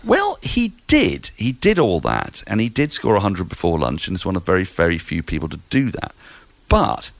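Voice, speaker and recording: Man, low voice, very lively pitch, dry close sound, playful rambling chat. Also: normal speed, creaky, no echo. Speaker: podcast guest. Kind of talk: casual chat.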